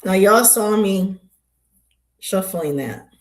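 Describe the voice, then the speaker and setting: A woman's voice: mid-range voice, lively intonation, takes it slowly. An older woman hosting a tarot livestream, chatting casually and greeting viewers by name.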